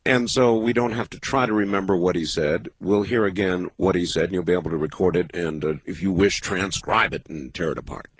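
Husky low-voiced male radio host. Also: dry recording. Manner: measured, halting, with many pauses. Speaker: late-night radio call-in host. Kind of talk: call-in radio talk. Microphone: studio microphone.

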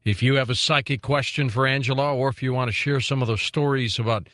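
A man hosts late-night radio at a studio mic, his voice dry and close, in a middle register. He talks in a relaxed way, nudging his guest along and reading out what comes next. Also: mid-range voice, quick pace, no room sound. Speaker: radio talk show host.

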